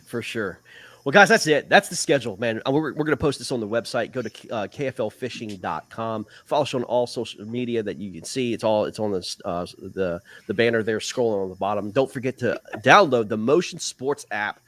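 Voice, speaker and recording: A man hosting a casual live stream, upbeat and quick to laugh, trailing into repeated filler words. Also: mid-range voice, fairly bright tone, dry recording. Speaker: host, league commissioner.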